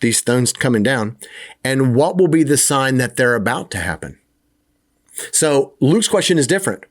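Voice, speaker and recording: Guy teaching bible chapters, chatty and loose, mid-pitch voice, fills with you know and okay. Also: big pitch swings, normal speed. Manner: conversational, acts out the disciples' questions with a raised voice.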